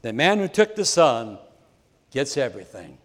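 A man's voice: medium pitch, big pitch swings, normal speed, fairly bright tone. A man voicing a firm, persistent male auctioneer who calls out bids insistently, heard with the long reverb of a large hall. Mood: solemn.

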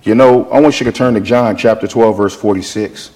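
A man preaching a sermon, jumping between shouted scripture and quiet, folksy asides as he tells stories. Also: lowish voice, a little fast. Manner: animated, swinging from shouted scripture to near-whispered asides; folksy, conversational storytelling.

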